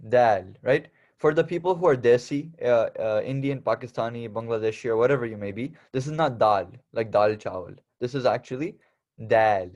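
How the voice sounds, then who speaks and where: A man's voice: mid-range voice, a little fast, hardly any pauses, darkish tone, lo-fi sound. Young male teacher, casual lesson delivery, drills each sound patiently. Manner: patient, repeats and stresses each letter sound. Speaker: Arabic alphabet teacher.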